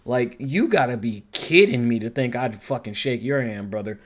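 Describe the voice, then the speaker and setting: A man's voice: mid-range voice, lively intonation, normal speed. Rambling, profane male reviewer. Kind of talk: casual commentary.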